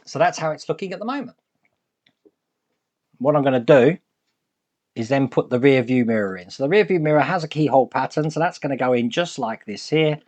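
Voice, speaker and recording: A man's voice: medium pitch, lively intonation, brisk, long pauses, darkish tone. Upbeat man narrating a model build. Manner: chatty, upbeat, laughs at the model's size. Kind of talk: step-by-step build commentary.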